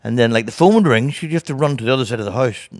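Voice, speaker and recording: Rapid-fire and animated, this Northern Ireland comedian tells stories during a relaxed interview and imitates other people's voices along the way. His voice is mid-range with a Northern Irish accent, and the recording is dry.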